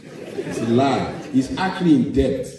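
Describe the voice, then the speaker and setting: A man from Nigeria with a Nigerian accent, performing a stand-up comedy set and mimicking parents and children in squeaky voices. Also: animated, measured pace, background noise. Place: large theater stage. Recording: echoey live hall from a distance, loud crowd laughter.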